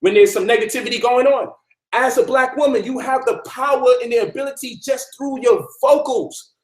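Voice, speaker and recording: A man's voice: extremely high pitch, fairly quick, roomy sound. A man hosting a talk show, teaching in an emphatic, preachy way and speaking straight to his listeners. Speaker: host.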